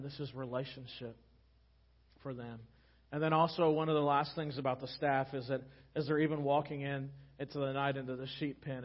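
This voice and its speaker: A pastor preaching a sermon, telling it as a gentle story and dropping soft and low on key phrases. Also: male voice, lo-fi sound. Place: church sanctuary.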